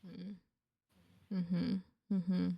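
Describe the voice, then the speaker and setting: Woman playing a tabletop game, laid back, kinda hesitant, gravelly fry in her voice. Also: on the low side, completely flat delivery, very slow, no echo, dull audio. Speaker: player.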